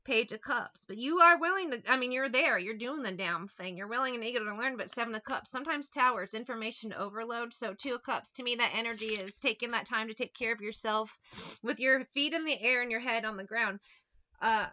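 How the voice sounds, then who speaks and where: Woman tarot reader, bright and tense tone, emphatic and swears casually, dull lo-fi audio. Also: a little high, fairly quick. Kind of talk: channeled tarot reading to camera.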